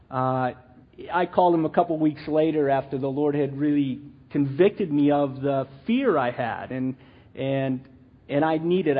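A middle-aged man giving a rambling, animated church teaching, full of restarts and asides. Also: high-pitched, breathy edge, highs cut off. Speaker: lay teacher.

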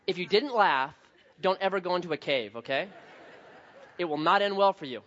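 A man preaching a sermon, telling a story with lively acted-out voices and sound effects. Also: high-pitched, moderate pace, muffled recording. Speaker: pastor.

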